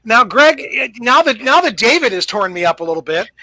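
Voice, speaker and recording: A man's voice: extremely high pitch, sing-song, fairly quick, bright, forceful tone, no echo, poor audio. A man hosting a casual talk show, reacting with laughs and emotion. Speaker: host. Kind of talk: casual chat.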